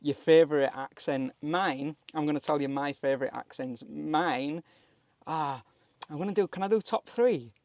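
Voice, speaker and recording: A man's voice: a little high, normal speed, a little mellow. A man chatting casually and jokily inside a campervan, laughing often. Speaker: van life vlogger. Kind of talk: casual chat.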